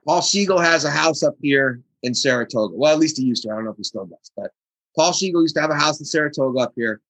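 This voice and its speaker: Bright, husky-voiced man telling a story. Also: fairly high pitch, fast, dry recording, rough recording. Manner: animated storyteller acting out quoted voices. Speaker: guest drummer. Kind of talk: casual interview storytelling.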